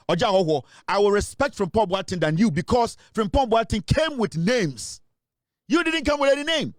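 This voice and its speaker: Forceful high-voiced Ghanaian man. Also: no echo, studio quality. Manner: forceful and scolding, switching between English and Twi. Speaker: political commentator. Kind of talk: impassioned political commentary.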